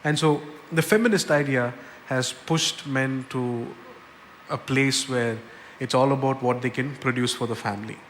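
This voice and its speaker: A man's voice: medium pitch, normal speed, a bit bright. A middle-aged man from India, a pastor, teaching a church small group in an earnest way and repeating key points for emphasis. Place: church hall. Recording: long reverb, faint background noise.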